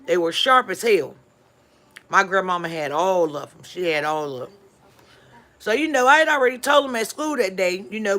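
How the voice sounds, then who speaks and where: A woman's voice: medium pitch, moderate pace. A woman hosting a live stream, telling a rambling storytime and acting out the dialogue. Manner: animated storyteller who acts out dialogue; rambling, frequent restarts and asides. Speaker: livestream host.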